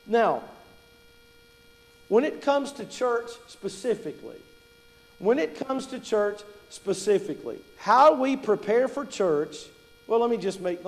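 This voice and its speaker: High-voiced preacher in an echoey hall. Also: male voice, big pitch swings, takes it slowly, long pauses. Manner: conversational, asks the congregation questions. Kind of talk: sermon. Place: church.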